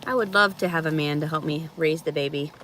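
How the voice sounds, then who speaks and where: A woman's voice: low-pitched, fast talker, fairly bright tone. Woman, candid reality-show talker, outdoors with light traffic noise behind; easygoing, laughs easily. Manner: chatty and candid, laughs often, swears freely. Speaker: reality show subject reacting to viewer messages. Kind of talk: casual chat. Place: outdoors in a park.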